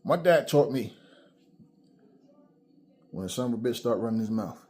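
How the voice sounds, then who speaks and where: A man vents to his camera in a casual commentary rant. His voice is husky, sitting at a middling pitch. He is blunt and profane and lectures the audience like a preacher. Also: animated, moderate pace, dark tone. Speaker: commentary vlogger. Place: in front of his own camera.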